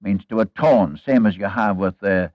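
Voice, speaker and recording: A man's voice: lowish voice, moderate pace, dry recording. Preacher guy telling a bible story, earnest and folksy, asks the crowd questions, dull lo-fi dry sound. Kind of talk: sermon.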